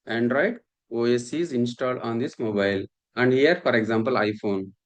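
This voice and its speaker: A man's voice: medium pitch, normal speed. Man teaching a class. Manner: repetitive, checks understanding often. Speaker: instructor. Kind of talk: classroom lecture.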